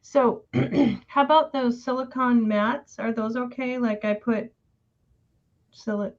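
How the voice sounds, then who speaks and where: A woman's voice: fairly high pitch, fairly even intonation, takes it slowly. Chatty woman co-host on a muffled line. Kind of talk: casual chat.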